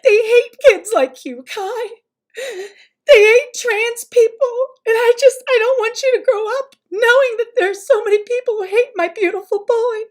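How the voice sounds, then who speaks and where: A woman's voice: very high-pitched, normal speed, voice pushed up. A woman putting on the voice of a weepy, melodramatic mother who pleads through sobs. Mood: tearful.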